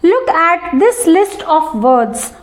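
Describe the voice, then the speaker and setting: A woman's voice: very high-pitched, sing-song, slow, reverberant. A woman teacher, explaining a textbook lesson to students step by step and often addressing them directly.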